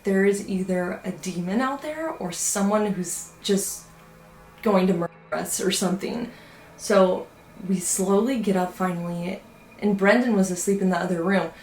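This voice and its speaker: A young woman telling a spooky story to her vlog viewers in a casual, animated way, acting out what people said. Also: medium pitch. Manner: animated, acts out quotes, many "like" fillers. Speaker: vlogger. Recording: echoey room.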